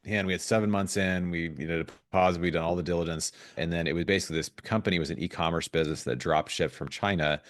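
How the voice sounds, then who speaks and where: A man speaking as a guest in a podcast interview, telling stories in an animated way with frequent restarts. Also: low-pitched, dry recording, clean studio sound. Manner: fast, animated storytelling with restarts. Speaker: guest investor.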